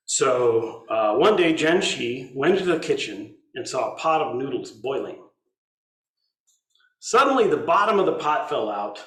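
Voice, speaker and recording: A man teaching as a Zen teacher, giving an informal dharma talk in a conversational way, thinking aloud with pauses and restarts. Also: mid-range voice, expressive, fairly bright tone, roomy sound.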